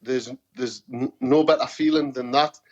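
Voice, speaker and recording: A man's voice: mid-range voice, normal speed, muffled recording. A man with a Geordie accent chatting as a podcast guest, telling stories animatedly and repeating words as he goes. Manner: animated storyteller, repeats words, says "you know what I mean". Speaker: podcast guest, singer-songwriter. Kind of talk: casual podcast chat.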